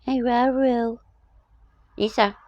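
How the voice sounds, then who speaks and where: A woman's voice: fairly high pitch, steady tone, takes it slowly, darkish tone, dry recording, dull audio. A woman talking casually to her pets in a cooing, baby-talk manner. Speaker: pet owner.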